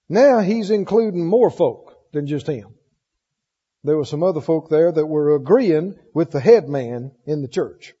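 A man preaches in a high, lively voice, its tone mellow and slightly husky, reading scripture and asking his congregation questions. He sounds like an old, dull sermon tape recorded in a church with a long reverb. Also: moderate pace. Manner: animated preaching, reads scripture aloud, asks the congregation questions. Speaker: pastor.

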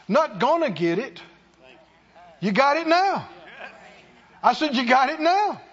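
A man's voice: extremely high pitch, big pitch swings, slow pace, pauses often, a bit bright, muffled recording. A man preaching a sermon in a church, with emphatic, repetitive call-and-response delivery. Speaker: pastor.

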